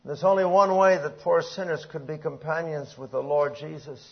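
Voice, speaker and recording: A husky-voiced man preaching, his tone pitched a little high as he quotes scripture and presses his point. He clears his throat now and then. The recording is dull and lo-fi. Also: fairly even intonation, moderate pace. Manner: preaching with rising emphasis, quoting scripture. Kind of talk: sermon.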